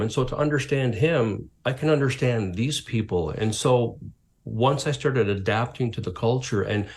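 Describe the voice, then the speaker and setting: A man's voice: mid-range voice, normal speed. A middle-aged man, a pastor and author, telling stories as a guest in an interview and acting out the voices of people he quotes. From Canada. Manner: lively anecdotes, acts out quoted voices. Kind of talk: interview storytelling.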